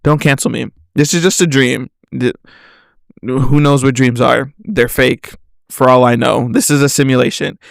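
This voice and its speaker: A young man with a gravelly, fry-heavy voice rambles through his solo podcast, scattering "like" through every sentence. His delivery is loose and slangy, and he often laughs at himself. The sound is close and dry, with no room echo. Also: medium pitch, steady tone, moderate pace. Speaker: podcast host.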